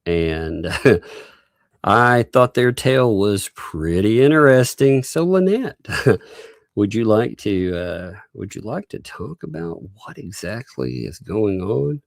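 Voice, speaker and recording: A man hosting a live-stream commentary in a dry, close sound. He speaks slowly in a lower voice, his pitch swinging widely as he muses and poses pointed questions. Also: big pitch swings, creaky, no echo. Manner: slow, musing, pointed questions with laughs. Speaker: host.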